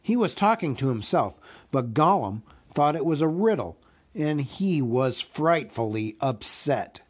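A man reading a storybook aloud as a podcast host, with an expressive, unhurried delivery. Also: fairly high pitch, husky.

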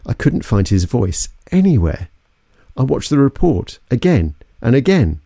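A man's voice: medium pitch, sing-song, unhurried, gravelly, mellow, dry recording, studio quality. A man from London narrating an investigative story in a suspenseful, scripted way. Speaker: podcast narrator.

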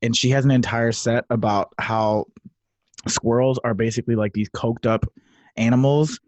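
A man's voice: mid-range voice, fairly even intonation, normal speed, darkish tone, no echo. A man co-hosting a casual sports podcast, telling stories in a laid-back way and laughing often. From USA. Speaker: podcast co-host. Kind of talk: casual chat.

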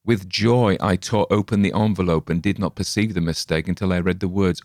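Deep-voiced man reading gothic fiction. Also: fairly even intonation, brisk, a little mellow, dry recording, clean studio sound. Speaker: audiobook narrator. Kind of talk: scripted narration.

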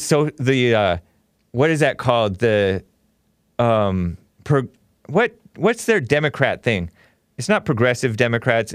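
A man's voice: mid-range voice, no room sound. Sarcastic male talk show host, dry sound. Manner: sarcastic, mocking, laughs often. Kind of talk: opinionated talk radio monologue.

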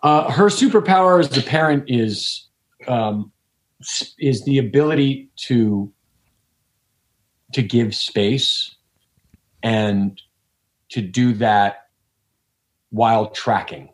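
A man's voice: mid-range voice, slow, pauses often. Reflective man rambling with many restarts. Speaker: podcast guest. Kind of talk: casual conversation.

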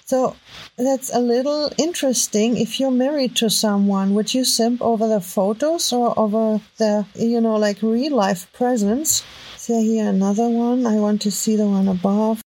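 A woman with a strong German accent talks through her findings in a casual podcast. Her voice sits a little high, and she stops, restarts and fills gaps with ums as she thinks aloud. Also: fairly even intonation, darkish tone, low-quality recording. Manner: halting, thinks aloud with many fillers and restarts. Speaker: podcast host. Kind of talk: casual commentary while browsing web posts. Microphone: home microphone.

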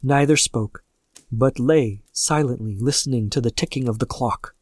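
A man narrating a classic horror story aloud with measured, steady storytelling. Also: medium pitch, dry recording.

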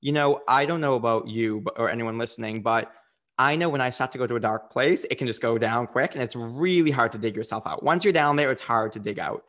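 A man's voice: medium pitch, brisk, a bit bright. A man speaking as a coach in a candid interview, earnest and reflective, with frequent fillers.

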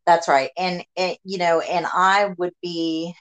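A woman with a fairly low voice hosts a podcast, speaking unhurriedly on a low-quality recording. Her casual political chat is blunt and animated, packed with rants and heavy swearing.

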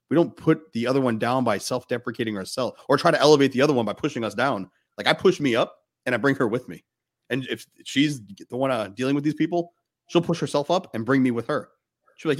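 A man in his thirties hosts a casual podcast conversation. He talks bluntly and emphatically, drops frequent curses and pushes his points hard. His voice sits at an ordinary middle pitch for a man. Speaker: podcast host.

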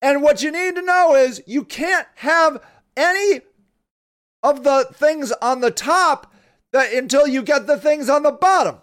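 A high-pitched woman hosts her own podcast, furious and swearing hard. She drags out her words slowly, then breaks into shouts. Her anger runs through the whole rant. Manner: furious, profane ranting with bursts of shouting. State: angry. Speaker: podcast host.

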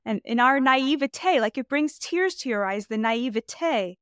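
Emphatic American woman, smooth high voice. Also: moderate pace, hardly any pauses, no echo, studio quality. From United States. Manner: emphatic, searching, restarts sentences mid-thought. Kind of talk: conversational podcast chat.

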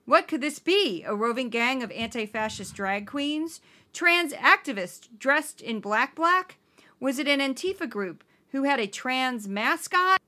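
A woman's voice: sits high, expressive, unhurried, pushed and bright. A woman hosting a podcast, giving sarcastic, exasperated satirical news commentary. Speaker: podcast host.

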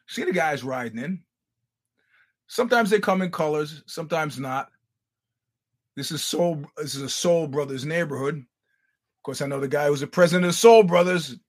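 An older man hosting a podcast, telling stories in a casual, animated, profane way with laughing asides. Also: fairly high pitch. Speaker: podcast host. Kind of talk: casual storytelling monologue.

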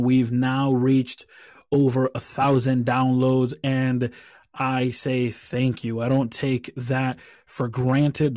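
A man's voice: mid-range voice, a little mellow, no echo, studio quality. A man hosting a solo podcast, talking earnestly and reflectively, often repeating phrases as he thinks aloud. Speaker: podcast host.

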